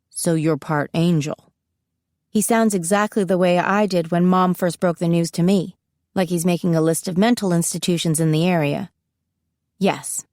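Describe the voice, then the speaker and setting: A woman's voice: fairly low pitch, darkish tone, no echo. A woman narrating a first-person audiobook in an intimate, confiding manner, close to the mic.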